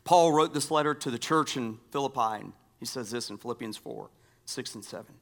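A pastor giving a sermon, repeating key phrases and dropping from strong emphasis to near-whispers. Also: male voice, mid-range voice, a little fast. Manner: dynamic swings from loud emphasis to hushed near-whispers.

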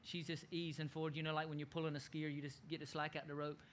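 A middle-aged male pastor telling a funny story in a sermon, laughing often and shouting the lines he quotes. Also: a little high, level tone, quick pace.

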